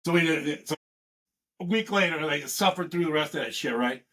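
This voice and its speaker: A man in his fifties from California, a veteran guest telling rambling, profane stories in a casual, animated way. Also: a little high, fairly quick. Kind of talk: casual storytelling.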